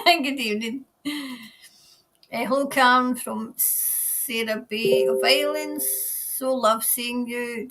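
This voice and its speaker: A Scottish woman chats her way through a livestream, reading out viewer comments and greeting people by name. Her voice sits a little high and stays easygoing and unscripted. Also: bright, forceful tone. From Scotland. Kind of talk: casual livestream chat. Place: New Zealand.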